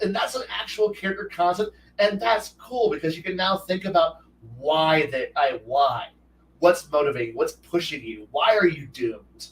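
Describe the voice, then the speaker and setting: A man hosting a casual talk show, rambling and cursing freely as he muses about tabletop games. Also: fairly high pitch. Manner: profane, rambling, animated with restarts. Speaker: host. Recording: roomy echo, distant from mic, faint noise.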